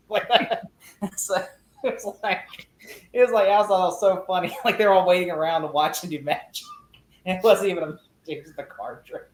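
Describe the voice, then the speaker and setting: A man who is a guest in a casual podcast discussion, telling stories with lively energy and acting out quotes in mock voices. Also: sits high, fairly quick, echoey room, a little hiss or hum, rough recording.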